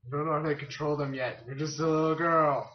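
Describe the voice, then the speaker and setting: A man's voice: fairly high pitch, fairly even intonation, brisk. A man gamer in casual let's-play chat, teasing and guiding the player, laughing often. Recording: dull, roomy, distant mic with faint noise.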